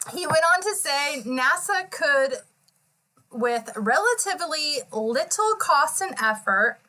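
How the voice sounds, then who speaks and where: Woman, podcast host, casual recap, chatty, self-correcting, high voice, bright tone. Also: rough recording. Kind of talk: casual chat recapping a hearing.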